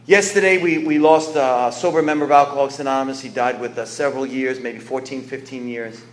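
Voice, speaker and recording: A man's voice: high voice, roomy sound. A man telling his recovery story to a meeting, in an earnest, conversational way with many restarts. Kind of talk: personal testimony talk.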